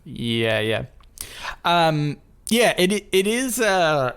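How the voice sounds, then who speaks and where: A man's voice: fairly high pitch, big pitch swings, very slow, a bit bright, smooth. A man co-hosting a podcast in casual chat, rambling and poking fun at himself as he laughs. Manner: rambling, self-mocking, laughs often. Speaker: podcast co-host.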